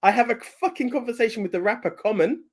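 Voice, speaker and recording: A man co-hosting a podcast in casual chat, excitable, swearing freely and acting out what others said. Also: very high voice, fast. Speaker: podcast co-host.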